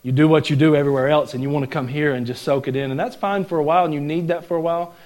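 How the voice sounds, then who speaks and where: A man with a Southern US accent preaching a folksy, joking sermon in a church, swinging from loud exhortation to hushed asides. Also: a little high, fairly even intonation, rapid-fire. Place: church sanctuary.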